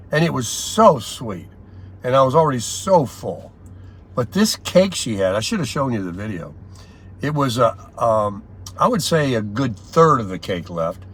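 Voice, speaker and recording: An older man with a mid-pitched voice talks casually into a camera from his car. His story wanders, broken up by ums, pauses and restarts. Nothing about his voice is unusual. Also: a bit bright, slightly rough. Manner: rambling, chatty storytelling with frequent pauses and fillers. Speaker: vlogger. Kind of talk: casual daily vlog chat.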